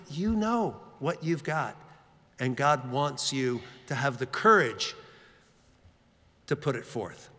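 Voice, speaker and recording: A man preaching a sermon, telling self-mocking stories with lots of fillers, in a church hall. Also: a little high. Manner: animated, self-mocking anecdotes with many fillers. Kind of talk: storytelling sermon. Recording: long reverb of a large hall.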